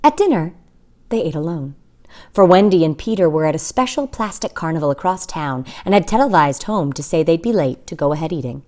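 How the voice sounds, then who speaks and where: A woman reading a short story aloud, with expressive delivery and small asides to listeners. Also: deep voice, a little fast. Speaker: reader.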